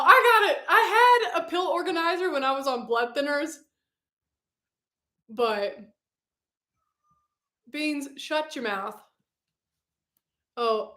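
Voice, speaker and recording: Bubbly high-voiced woman streamer. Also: roomy sound. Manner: chatty and bubbly, with loud excited reactions. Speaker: livestream host. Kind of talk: casual livestream chat, reading viewer comments.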